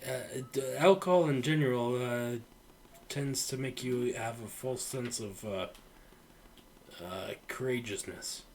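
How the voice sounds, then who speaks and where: A man's voice: medium pitch, a little slow, a little mellow, slight background noise. A young man co-streaming a game, hesitant with many fillers and a dry sense of humor. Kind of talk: casual gameplay chat.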